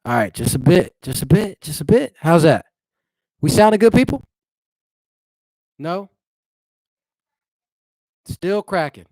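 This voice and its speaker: This adult livestream host, a married dad from the eastern US, talks informally and straight to his audience from his house. He speaks slowly with long pauses, a fairly high, darkish voice and big pitch swings, in a dry recording.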